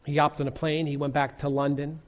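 A man preaching a sermon, telling a story earnestly with emphatic pauses. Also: on the high side, flat delivery.

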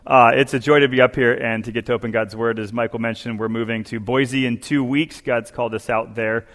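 A man delivering a sermon as a guest preacher, telling an animated story and acting out its voices. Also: mid-range voice, brisk. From Southern California. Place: church sanctuary. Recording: long church hall reverb.

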